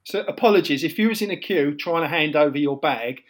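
A man chipping into a casual podcast chat with brisk, joking remarks. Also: a little high, expressive, slight background noise.

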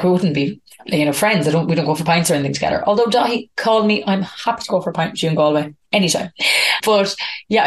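An Irish woman hosting a podcast, chatting casually and rambling with frequent laughs. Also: on the low side. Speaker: podcast host. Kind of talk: casual podcast intro monologue.

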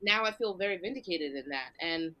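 A woman's voice: lowish voice, lively intonation, fairly quick, pushed and bright. A woman from the Philadelphia area hosting a casual podcast chat, earnest and reflective, thinking aloud in long runs. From Delaware County, Philadelphia area. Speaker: podcast host and comedian.

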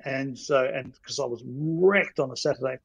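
A man's voice: medium pitch, moderate pace, vocal fry, slightly rough, no echo, poor audio. Podcast guest, man, self-deprecating raconteur, dry mic. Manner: rambling, self-deprecating storyteller. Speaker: podcast guest, storyboard artist. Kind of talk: casual anecdote telling.

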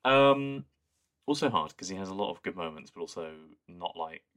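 A man's voice: deep voice, expressive, moderate pace, fairly bright tone. A young man co-hosting a podcast, chatting casually and enthusiastically. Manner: enthusiastic, quotes lines in a put-on voice. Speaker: podcast co-host. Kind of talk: casual chat.

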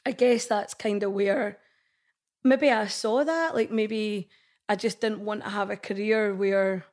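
Chatty Scottish woman, quick to laugh. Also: mid-range voice, fairly even intonation, darkish tone. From Scotland. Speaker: podcast guest. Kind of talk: casual chat.

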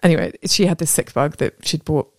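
A woman in her thirties co-hosting a podcast, telling stories in a lively, animated way and acting out voices. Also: low-pitched, fairly quick, vocal fry, no room sound, clean studio sound. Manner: animated storyteller, acts out voices. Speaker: podcast co-host. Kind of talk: casual chat.

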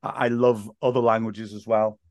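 A man who works as a football commentator, telling stories as a podcast guest in lively, laugh-filled casual chat. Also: on the low side, normal speed, dry recording. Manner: animated storyteller, laughs often, acts out quotes.

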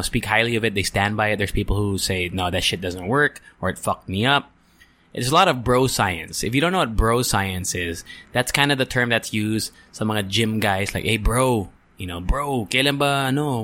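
Young guy rambling on his podcast, bright voice, swears a bit. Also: lowish voice. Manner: frustrated, rambling, swears, mixes in Tagalog words. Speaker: podcast host. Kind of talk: casual solo podcast chat.

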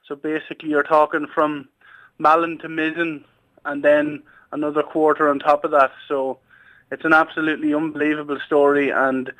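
A man's voice: a little high, flat delivery, moderate pace, a bit bright. A man talking enthusiastically as an interview guest over a phone line, with lots of filler words. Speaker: sports official guest.

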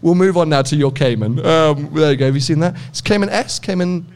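A British man hosts a casual podcast chat, quick to tease and laugh. His voice sits a little high. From United Kingdom. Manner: chatty, teasing, laughs often. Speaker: podcast host. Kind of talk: casual interview at a car meet.

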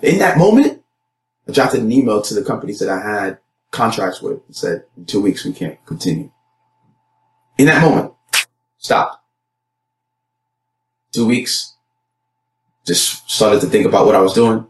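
A young adult man and youth pastor giving a personal testimony talk, earnest, with many fillers and repeated words, jumping higher when he acts out his own quoted lines. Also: big pitch swings, unhurried, pauses often, roomy sound.

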